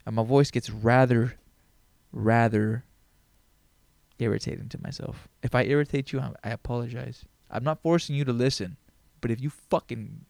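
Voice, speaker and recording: Gravelly man rambling on a podcast. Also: medium pitch, normal speed, a little mellow, no room sound. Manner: rambling, profane, joking. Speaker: podcast host. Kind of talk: casual solo podcast monologue. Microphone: headphones on, close mic.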